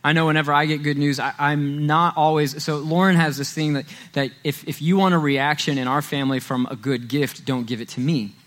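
A man's voice: on the high side, fairly even intonation, a little fast, hardly any pauses, fairly bright tone. A man preaching a sermon as pastor, telling stories in a conversational way and often checking in with "right?". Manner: conversational storytelling, frequent "right?" asides.

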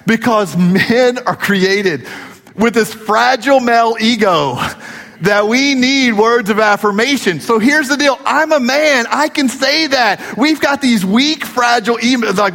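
High-voiced man preaching in a reverberant hall. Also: gravelly, a bit bright. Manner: conversational and joking, acts out quoted voices. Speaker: pastor. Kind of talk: sermon.

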